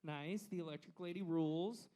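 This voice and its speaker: A man hosting a live comedy-and-music show, loud and profane, joking with a bar audience. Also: a little high, normal speed. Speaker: host. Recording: live venue, crowd audible.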